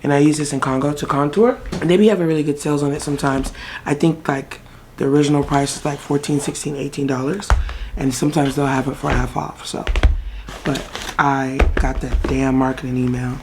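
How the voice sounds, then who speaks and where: A woman's voice: low-pitched, steady tone, fairly quick, background noise. A woman vlogger chatting casually through a makeup haul, swearing freely and breaking into song now and then.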